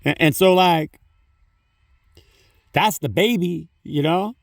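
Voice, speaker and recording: A man's voice: sits high, slow pace, dry recording, clean studio sound, recorded from a distance. A man giving a casual spiritual talk on his phone, rambling, swearing freely and saying "you know" often. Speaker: spiritual vlogger.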